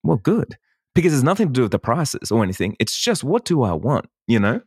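A man hosting a casual workshop chat about client calls, animated, acting out client dialogue and laughing often. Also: mid-range voice, brisk, husky, dry recording, studio quality. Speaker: wedding photographer and business coach.

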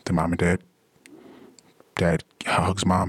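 A man hosting a podcast speaks at a moderate pace in a deep, breathy-edged voice, recorded dry. He's animated throughout his casual monologue, acting out quoted voices.

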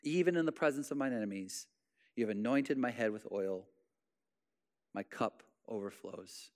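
A man preaching a sermon with passion, rising to loud exclamations and then dropping to hushed, soft phrases. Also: mid-range voice, normal speed. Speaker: pastor.

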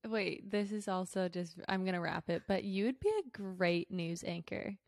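A woman's voice: mid-range voice, animated, normal speed, darkish tone, no echo, studio quality. A young woman co-hosting a podcast, upbeat and playful, teasing her co-host and wrapping up the show. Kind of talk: casual chat.

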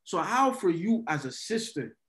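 Man, fairly high voice, conversational churchgoer who makes his point with examples. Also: sing-song, moderate pace, fairly bright tone. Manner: conversational, explains with vivid examples. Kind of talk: casual faith conversation.

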